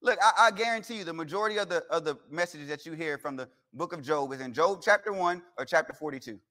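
Man, high voice, guest preacher, folksy humorous sermon, church service. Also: fast talker, pushed and bright. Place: church sanctuary.

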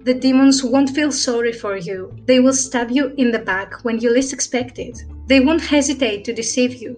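A woman's voice: high-pitched, brisk, darkish tone, close to an everyday voice. A woman reading the lines of a stern aunt who scolds and warns her sister, over faint music. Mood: scolding. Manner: scolding, warning.

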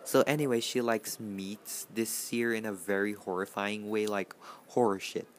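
A man's voice: fairly low pitch, steady tone, normal speed, a little hiss or hum. A man giving a casual, profane movie reaction, chatty and full of filler words. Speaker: film reaction vlogger.

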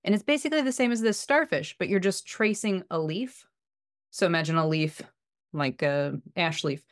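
A woman's voice: lowish voice, normal speed, no room sound, studio quality. A woman podcast co-host and parent, explaining practical tips in a casual chat.

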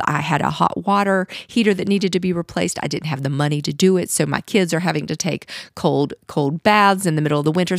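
A woman's voice: fairly low pitch, no echo, clean studio sound. A middle-aged woman hosting a podcast, telling her personal faith testimony in an earnest, confessional way. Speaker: podcast host.

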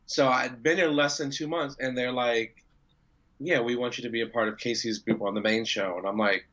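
A man's voice: medium pitch, steady tone, normal speed, fairly bright tone. A man being interviewed, who tells a story casually, swears freely and acts out what people said. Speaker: professional wrestler guest. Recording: dull lo-fi audio.

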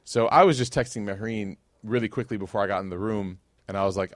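A man's voice: fairly low pitch, quick pace, few pauses, dry recording, clean studio sound. Casual storytelling man lecturer. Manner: casual, animated storytelling with voiced quotes.

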